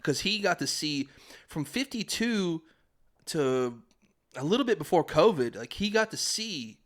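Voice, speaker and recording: A man's voice: fairly high pitch, sing-song, measured pace. A young man, a podcast host, telling a story in casual chat, laughing and acting out his family's voices.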